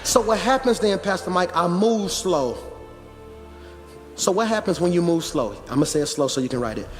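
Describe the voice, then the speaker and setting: Preaching a sermon in a large, reverberant church hall backed by music, a high-voiced man speaks at normal speed with lively intonation. The pastor's conversational manner builds toward shouting.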